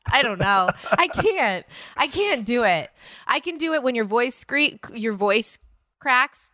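A woman's voice: on the high side, expressive, measured pace, pushed and bright, no room sound, clean studio sound. A woman in her thirties hosting a podcast, blunt and teasing, swearing freely in casual chat. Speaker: podcast host.

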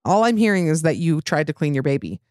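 A woman's voice: deep voice, big pitch swings, quick pace, darkish tone, no echo, studio quality. Candid young woman chatting, lots of fillers. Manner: rambling, filler-heavy, frank with swearing. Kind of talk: casual candid chat.

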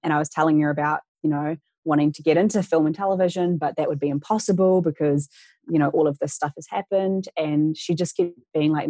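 A woman's voice: deep voice, fairly even intonation, a little fast, mellow, no echo. A young woman as an interview guest, telling a personal story candidly and earnestly, often acting out what people said. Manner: candid, earnest, re-enacts quoted voices.

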